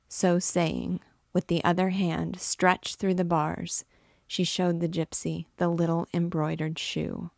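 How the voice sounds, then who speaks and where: A woman reads a classic novel aloud in a low, unhurried voice. Her storytelling is measured and expressive, with a dry, close sound and no room echo. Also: vocal fry. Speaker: book reader and guide. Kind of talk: literary read-aloud narration.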